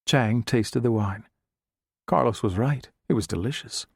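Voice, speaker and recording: A man narrates an audiobook in a steady, measured voice of middling pitch. He reads close to a studio microphone. The sound is completely dry, with no room echo. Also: creaky, breathy edge.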